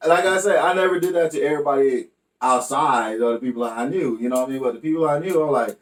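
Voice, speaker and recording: A man's voice: medium pitch, quick pace. Man telling stories, mic a bit distant. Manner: loose, profane storytelling with frequent "you know what I mean". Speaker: podcast co-host. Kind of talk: casual chat.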